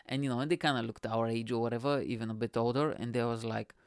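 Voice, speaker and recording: A man from Bulgaria with a Bulgarian accent, hosting his own show and telling a profane, animated story in casual chat. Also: medium pitch, fast, clear, resonant tone, no room sound, studio quality. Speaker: podcast host.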